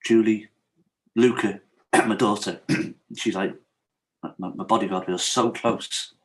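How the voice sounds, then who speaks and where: A man's voice: on the low side, fairly even intonation, unhurried. A middle-aged man from Wales, a podcast guest telling his personal story in an earnest, confessional way. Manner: earnest, confessional, leans on "yeah" and "I said".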